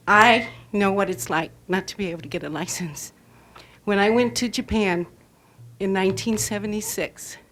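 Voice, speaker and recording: An older woman from Arizona speaking at a public comment, halting and emotional. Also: medium pitch, fairly bright tone. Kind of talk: public comment at a board meeting.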